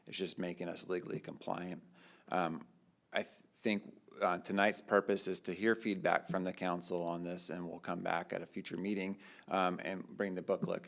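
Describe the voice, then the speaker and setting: A man's voice: sits low, flat delivery, moderate pace, vocal fry, fairly bright tone. A man on a city's staff patiently explaining plans at a public council meeting, with frequent fillers. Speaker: city staff member.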